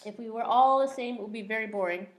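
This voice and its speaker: A woman teacher reading a picture book aloud to young children, gently asking them questions along the way. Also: fairly high pitch, quick pace.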